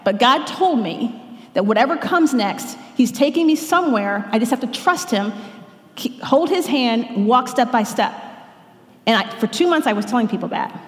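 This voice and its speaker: A woman gives an earnest church testimony in a fairly high, expressive voice at normal speed. She breaks off and restarts now and then, quoting prayers along the way. The recording is from an echoey hall with long reverb.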